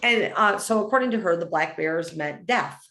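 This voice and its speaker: A woman's voice: fairly low pitch, animated, moderate pace, fairly bright tone, reverberant. A woman giving a heartfelt, rambling motivational talk about finding yourself. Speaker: motivational speaker.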